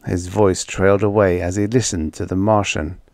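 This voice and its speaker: Expressive male audiobook narrator, low voice. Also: normal speed, no echo, studio quality. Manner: expressive storytelling. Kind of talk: scripted narration.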